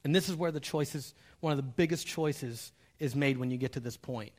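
A middle-aged man, a pastor, preaching a sermon, animated and humorous, acting out bits of dialogue and speaking straight to the congregation. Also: medium pitch, fairly quick. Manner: animated, acts out quoted dialogue; humorous, direct address to the audience.

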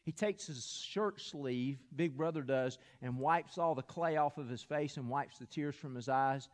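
A man preaching a sermon, telling a story with animated, building energy. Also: mid-range voice, measured pace, long reverb tail. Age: adult. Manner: animated, builds to loud excited peaks when telling a story. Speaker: pastor.

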